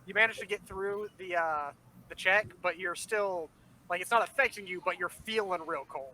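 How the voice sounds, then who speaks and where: A man's voice: high-pitched, normal speed, sharp tone, slight background noise, poor audio. A man running a tabletop game as game master, narrating in a laid-back, rambling way.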